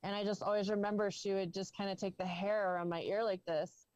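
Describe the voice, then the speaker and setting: A woman's voice: mid-range voice, level tone, fairly quick, darkish tone, dry recording, muffled recording. A woman from the southern United States, a roundtable guest telling a long, rambling story on a video call and correcting herself as she goes. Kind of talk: casual video-call chat.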